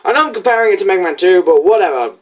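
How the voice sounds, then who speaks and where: A young video reviewer in casual, rambling commentary, answering a critic with restarts and asides. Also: racing. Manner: rambling, restarts, lively pitch swings.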